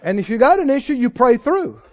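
A man preaching a sermon in an animated style, mimicking wailing prayers to make his point. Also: very high-pitched, a little fast. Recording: muffled lo-fi sermon recording.

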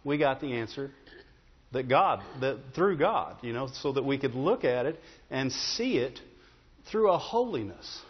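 Pastor, male, easygoing sermon delivery with a lively voice, recorded with a muffled sound in a church with long reverb. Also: mid-range voice, measured pace, husky. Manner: conversational, repeats "Amen?" and "Right?". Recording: dull, with long hall reverb.

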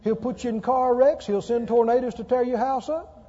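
A man preaching a sermon to a congregation, emphatic, repeating lines slowly for stress and asking the people questions. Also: very high-pitched, fairly even intonation, dark tone. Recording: dull lo-fi sound with long hall reverb.

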